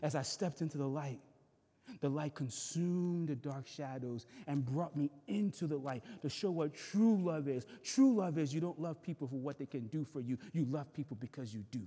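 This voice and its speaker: Pastor, male, slightly high and husky, passionate repetitive sermon delivery, long church-hall reverb. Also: moderate pace, dark tone. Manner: impassioned, repetitive preaching that builds in intensity. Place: church sanctuary.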